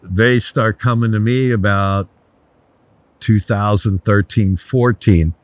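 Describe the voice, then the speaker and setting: An older man, a resort founder, telling blunt, animated anecdotes in a casual interview, swearing freely. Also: fairly low pitch, slow pace, no echo.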